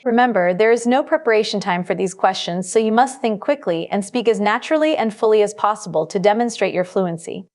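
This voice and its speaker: Woman giving measured instructional narration. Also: medium pitch, a little mellow. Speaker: test-prep instructor.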